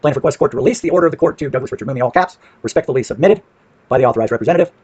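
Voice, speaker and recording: A man's voice: medium pitch, lively intonation, racing, a little mellow, breathy edge, no echo, muffled recording. A man with a brash, profane manner, casually walking through paperwork on screen and asking and answering his own questions.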